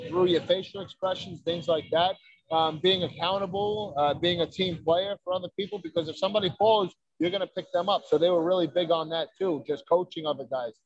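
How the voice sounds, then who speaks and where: A man's voice: a little high, highs cut off. A man, a wrestler telling brash, profane stories in a casual podcast chat. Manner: brash, profane, boastful storytelling. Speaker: wrestler guest.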